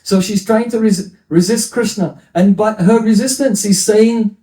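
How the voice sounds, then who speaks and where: High-voiced man giving a devotional lecture. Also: a little slow, dark tone, roomy sound, low-quality recording. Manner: explains scripture terms, playful asides. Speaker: spiritual teacher.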